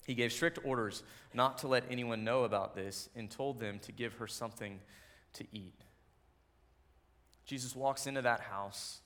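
A man preaching a sermon as pastor, dropping to soft, quiet lines and then building to loud, emphatic passages, and reading scripture in a lower, steadier voice. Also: normal speed.

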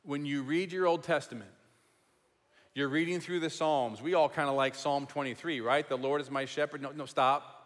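A man preaching a sermon as pastor, emphatic and repetitive, dropping to a hush on key words. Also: a little high, normal speed. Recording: long hall reverb.

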